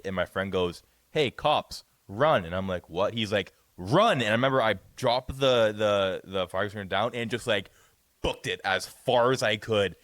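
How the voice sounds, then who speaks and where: A young man co-hosting a podcast, rambling through a profane, animated story in casual chat. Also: lowish voice, no echo. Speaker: podcast co-host.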